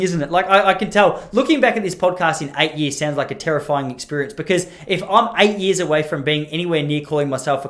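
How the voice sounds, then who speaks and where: A young Australian man hosting a comedy podcast, telling stories in an animated way and acting out the people he quotes. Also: fairly high pitch. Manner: animated, laughing, acts out quoted voices. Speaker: podcast host and teacher. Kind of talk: comedic storytelling monologue.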